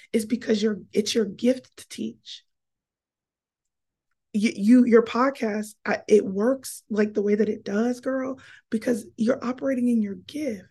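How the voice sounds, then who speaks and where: A woman in casual podcast conversation, telling faith stories in an animated, preaching way. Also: fairly high pitch, vocal fry, husky. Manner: animated, preachy, emotional storytelling.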